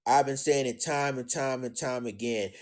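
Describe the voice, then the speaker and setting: A man giving indignant live-stream commentary, addressing his audience as ladies and gentlemen, often repeating himself. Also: medium pitch, normal speed. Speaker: commentator on current events.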